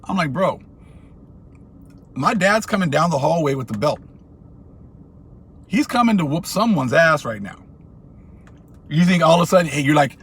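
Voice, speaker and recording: A man talking in a casual commentary monologue, animated and laughing as he acts out little skits. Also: a little high, normal speed, pauses often, breathy edge. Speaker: channel host.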